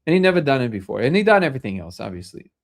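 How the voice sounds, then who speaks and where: A man hosts a casual live discussion, his voice sitting at an ordinary middle pitch. He rambles through his stories, circling back with fillers and restarts. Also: big pitch swings, rapid-fire. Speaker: host.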